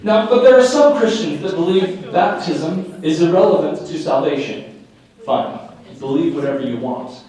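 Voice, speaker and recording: Male stand-up, lively swings in pitch, roomy distant live sound. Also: normal speed. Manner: animated, dips into mock voices for characters. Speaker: stand-up comedian. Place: live venue with audience. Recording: echoey room, picked up from a distance.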